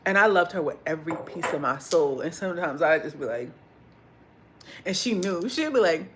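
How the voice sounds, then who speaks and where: A woman chatting casually with her livestream viewers while she cooks in a home kitchen. She tells stories in an animated way, acts out what people said, and curses freely. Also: low-pitched, moderate pace, noisy background. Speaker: vlogger chatting with live viewers.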